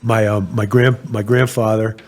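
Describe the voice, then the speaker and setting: A man's voice: on the low side, level tone, moderate pace. An older man from New England, a retired Marine colonel, telling rambling stories in a casual interview, with frequent restarts.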